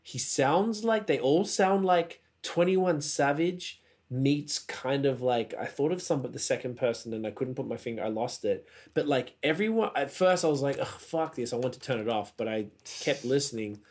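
A man co-hosting a podcast, chatting casually with loose, profane and animated storytelling. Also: medium pitch, moderate pace. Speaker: podcast co-host. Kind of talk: casual chat.

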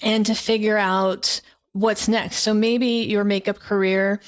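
A woman's voice: mid-range voice, little pitch movement, slow pace. A woman hosting an interview, thoughtful and conversational, with light laughs. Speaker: interview host. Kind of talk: casual interview chat.

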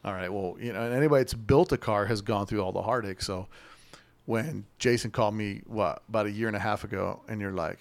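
A man's voice: lowish voice, fairly even intonation, quick pace, dry recording. A man hosting a casual chat about classic cars, rambling and laughing as he acts out voices in his stories. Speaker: show host. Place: Las Vegas.

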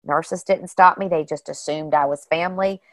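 A woman guest telling personal stories in a casual, animated way, often saying "you know" and "like". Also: sits low, normal speed, no room sound. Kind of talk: casual storytelling.

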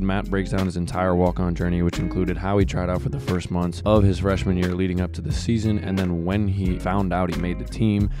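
A young man with a hoarse, raspy voice from losing it, hosting a casual podcast in an upbeat, loose way. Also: deep voice. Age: young adult. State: hoarse, lost voice. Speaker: podcast host. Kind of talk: casual podcast intro and interview.

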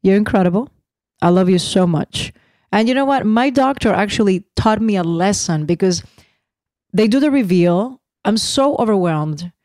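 A middle-aged woman co-hosting a podcast, telling a story in lively casual chat and laughing often. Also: medium pitch, moderate pace, no room sound, clean studio sound. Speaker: podcast co-host.

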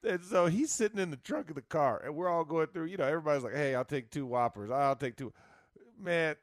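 Animated laughing man telling stories. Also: fairly high pitch, fast, no room sound, studio quality. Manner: animated storyteller, laughs often. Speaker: former football player, co-host. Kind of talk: casual sports chat.

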